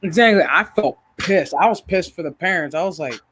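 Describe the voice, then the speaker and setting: A woman hosting a casual chat stream, telling stories in a profane, animated way with lots of quoted dialogue. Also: fairly low pitch, fairly quick, slight background noise. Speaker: streamer host.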